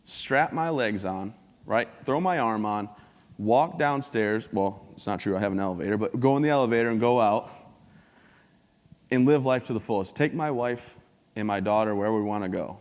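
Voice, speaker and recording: A man's voice: on the low side, moderate pace. A man in his thirties giving an upbeat, joking motivational talk from a stage, acting out little scenes and voices. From United States. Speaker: keynote speaker. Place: conference hall stage before an audience. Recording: long hall reverb.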